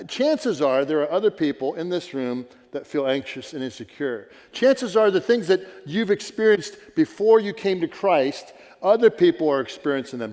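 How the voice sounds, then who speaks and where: A man's voice: mid-range voice, darkish tone. A man preaching a sermon as a pastor in a church, earnest and conversational, asking his listeners questions. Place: church sanctuary. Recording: church hall reverb.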